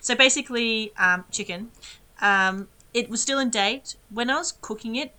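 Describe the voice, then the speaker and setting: A young woman co-hosting a podcast, chatting casually with quick asides and frequent laughs. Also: on the high side, pushed and bright, smooth. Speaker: podcast co-host. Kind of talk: casual chat.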